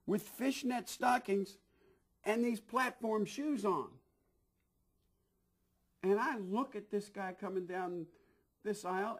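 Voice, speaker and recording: Animated man telling a backstage story. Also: high voice, breathy edge. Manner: animated, acts out quoted voices, frequent restarts. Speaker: interviewee telling stories. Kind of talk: anecdotal storytelling.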